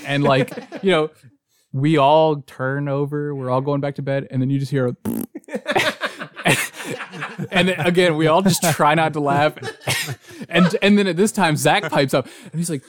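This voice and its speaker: Animated, foul-mouthed young man. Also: on the high side, a little slow. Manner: animated storyteller, swears freely. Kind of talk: casual chat.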